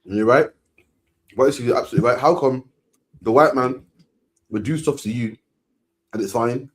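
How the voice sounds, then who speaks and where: A man's voice: mid-range voice, moderate pace. A man leading a casual discussion, talking emphatically in long rants that end lines with "man.". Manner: emphatic, ranting, repeats "man" at line ends.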